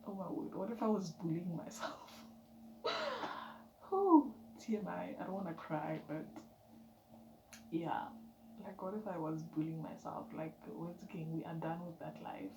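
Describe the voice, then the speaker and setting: A woman giving an emphatic, chatty motivational vlog talk, dropping now and then into soft whispered asides. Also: on the low side, very animated, unhurried, long pauses. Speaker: vlogger. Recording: echoey room with background noise.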